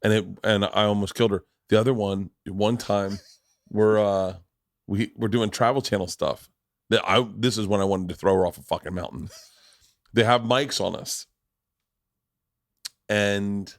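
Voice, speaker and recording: Profane low-voiced man telling stories. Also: no echo, studio quality. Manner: profane, animated storyteller acting out family members. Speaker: podcast host. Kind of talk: casual storytelling chat.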